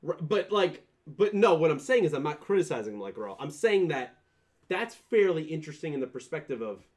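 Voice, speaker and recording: A man co-hosting a casual podcast, who slows down to stress his points. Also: a little high, big pitch swings, a little mellow. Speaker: podcast co-host.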